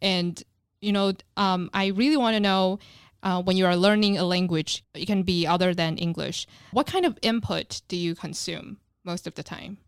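A woman with a Taiwanese accent and native Mandarin, hosting a casual podcast chat in English, lively and quick to laugh, with many "you know" fillers. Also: fairly low pitch, clear, resonant tone, no echo, studio quality. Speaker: podcast host.

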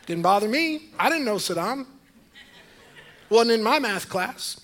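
High-voiced joking male pastor preaching. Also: animated, a little slow. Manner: joking asides, rising to loud emphatic preaching. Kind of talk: sermon.

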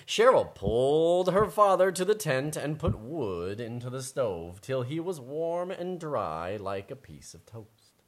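On a podcast, a man co-hosting the show reads a picture book aloud as a playful, joking, lively storyteller. His voice is mid-range and his pace a little slow.

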